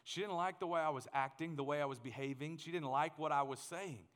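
A man in his thirties delivers a sermon with a fairly high voice, lively and playful, stumbling over repeated words as he builds up. The sound carries a long reverb, as if recorded in a large church hall. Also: fairly quick. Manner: animated, joking, repeats words when he starts a thought. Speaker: pastor.

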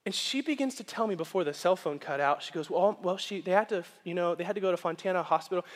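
A man preaching as pastor, telling a story with lively acted-out voices. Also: high voice, fast talker, in a large hall. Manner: animated storytelling, acts out quoted voices. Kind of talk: storytelling sermon. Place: church sanctuary.

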